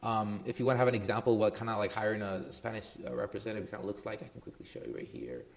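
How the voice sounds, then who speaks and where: In a casual talking-head clip, a man who runs a marketing business advises viewers straight to camera, conversational and loose, with frequent "um"s and a tag of "right?" on his points. His fairly low voice has vocal fry, and he talks very fast.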